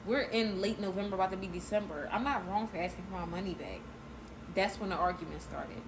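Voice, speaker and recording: A woman's voice: medium pitch, brisk. Chatty young woman telling a storytime. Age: young adult. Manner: chatty, addresses viewers as y'all. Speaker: storyteller recounting a personal story. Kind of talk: casual storytime. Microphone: phone. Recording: noisy phone clip with ambience.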